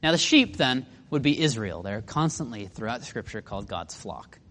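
A man's voice: mid-range voice, very animated, normal speed, fairly bright tone, in a large hall. A man teaching a Bible lesson in a conversational way, putting questions to his listeners.

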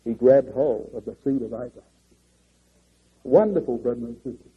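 A man preaching a sermon earnestly, swinging between raised and hushed delivery. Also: mid-range voice, normal speed, husky. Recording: muffled lo-fi recording.

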